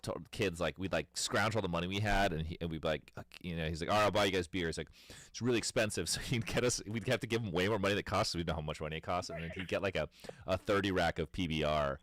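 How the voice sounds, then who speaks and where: Low-voiced man rambling on a livestream. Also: quick pace, fairly bright tone, no echo. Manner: rambling storytelling with laughs. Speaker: streamer. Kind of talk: casual livestream chat.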